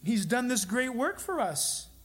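A man with a fairly high voice, preaching a sermon. He tells stories in an earnest way and draws out the phrases he wants to stress. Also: big pitch swings, fairly bright tone, breathy edge. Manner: earnest, storytelling preacher with emphatic slowed phrases. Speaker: pastor.

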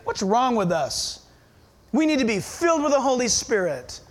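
A man with a strikingly high voice preaches a sermon. He presses each point hard and keeps throwing pointed questions at his congregation. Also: very animated, moderate pace. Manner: emphatic, fires rhetorical questions at listeners. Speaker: pastor.

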